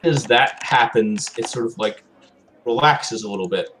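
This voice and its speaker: A man narrating a tabletop game as game master, rambling through descriptions with lots of filler words and slowing down on the details. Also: mid-range voice, fairly bright tone, slight background noise, poor audio. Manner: meandering, hedging with filler words, slows down on descriptions.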